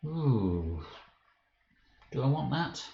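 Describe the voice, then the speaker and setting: A man's voice: medium pitch, big pitch swings, drawn-out words, vocal fry. A man streaming a card game live, thinking aloud about his moves and flustered and self-mocking when he slips up. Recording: dull roomy stream audio with faint hiss.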